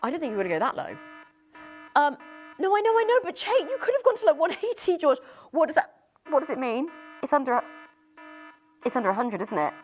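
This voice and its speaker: A woman presenting live on a shopping channel, excitable and giggly, often tripping over her words. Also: high voice, fast, long pauses, soft background music. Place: TV studio.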